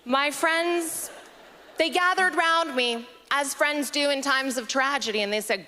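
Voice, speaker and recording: Bright, high-voiced woman doing stand-up. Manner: dry, quick-witted punchline delivery. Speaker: stand-up comedian. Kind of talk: stand-up comedy set. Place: comedy festival stage.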